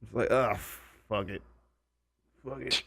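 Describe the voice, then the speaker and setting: A man's voice: fairly low pitch, takes it slowly, gravelly, pushed and bright, slightly rough. A young man co-hosting a podcast, telling stories in casual chat, swearing and laughing often. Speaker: podcast co-host.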